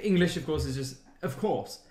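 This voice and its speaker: A man's voice: a little high, a little fast, darkish tone. A man co-hosting a podcast in casual chat, teasing the others and bursting into silly accent impressions. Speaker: podcast co-host.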